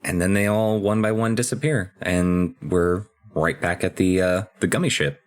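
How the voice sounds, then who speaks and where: A man co-hosting a podcast, casually recapping and discussing a video game in a relaxed, chatty way. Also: low-pitched, moderate pace. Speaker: podcast co-host.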